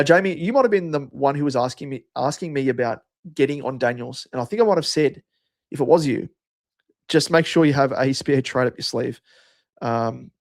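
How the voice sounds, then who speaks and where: A man's voice: medium pitch, vocal fry. A man with an Australian accent hosting a live stream, chatting casually and answering viewers' comments by name. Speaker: livestream host.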